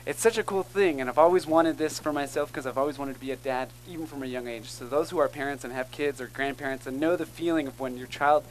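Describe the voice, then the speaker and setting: A man's voice: mid-range voice, fast talker, few pauses, slight background noise, poor audio. A man preaching a sermon as pastor, earnest and emphatic, calling out to the congregation between points. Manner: earnest, emphatic preaching with call-and-response asides.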